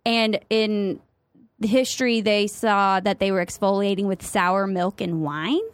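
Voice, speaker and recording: A woman's voice: mid-range voice, steady tone, measured pace, no echo, studio quality. A young woman co-hosting a casual podcast, chatty and full of fillers and laughs. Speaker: podcast co-host. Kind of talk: casual chat.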